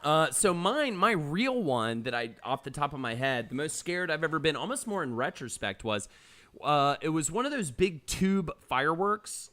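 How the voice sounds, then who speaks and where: A man's voice: on the high side, big pitch swings, normal speed, a bit bright. A man hosting a live-streamed podcast, reading chat comments aloud and telling stories casually, with swearing. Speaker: podcast host.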